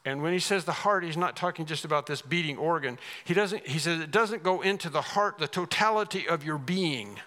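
A man's voice: fairly high pitch, brisk, hardly any pauses, sharp tone, big-room sound. A man preaching a sermon as pastor, emphatic and repeating key words for stress. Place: church sanctuary.

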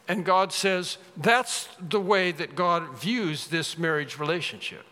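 A man's voice: high voice, slow, sharp tone. A man preaching a sermon, emphatic, often repeating phrases with rising force. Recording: reverberant hall.

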